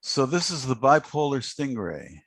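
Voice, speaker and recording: A man hosting a poetry prize ceremony on a video call, joking gently and reading a poem aloud. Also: mid-range voice, big pitch swings, dry recording. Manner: unhurried, gently joking, with frequent uh fillers. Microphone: video call microphone.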